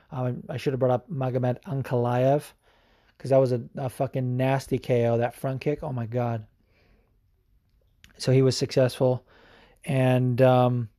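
A man's voice: mid-range voice, mellow, dry recording, studio quality. A man hosting a podcast, talking casually and reading listener questions, rambling and swearing, with lots of fillers. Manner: profane, rambling, frequent fillers. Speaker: podcast host.

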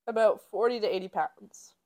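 A woman's voice: mid-range voice, measured pace, a little mellow. A young woman co-hosting a podcast, telling a story in casual chat, giggly and teasing.

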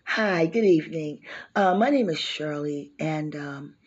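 A woman's voice: sits low, unhurried, lo-fi sound. A woman voicing a prim, overly polite woman caller who apologizes and asks for a loan.

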